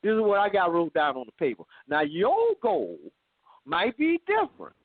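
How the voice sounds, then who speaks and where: A man's voice: sits high, wildly swooping pitch, moderate pace, no room sound. A man hosting a business call, coaching listeners with encouraging, repetitive advice. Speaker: host. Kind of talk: motivational call interview. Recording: dry phone line.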